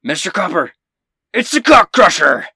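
A man voicing a boastful, cheerful young male fighter who shouts his lines. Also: mid-range voice, quick pace, gravelly, no echo, studio quality, pitched above the performer's own voice, full character voice. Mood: boisterous. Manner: shouting, excitable.

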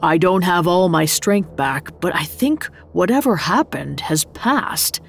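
A woman voicing a calm, recovering prince. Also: lowish voice, a little slow, gravelly, breathy edge, full character voice. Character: recovering young male prince, calm and curious.

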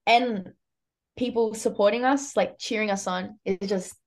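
A young adult woman with an Australian accent, a college softball pitcher, appears as a guest in an interview. She chats casually and upbeat at a measured pace.

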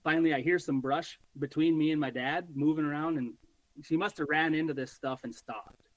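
Animated higher-voiced man telling a hunt story. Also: brisk, dry recording, poor audio. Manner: animated, swears freely. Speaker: podcast guest, bowhunter. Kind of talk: casual storytelling.

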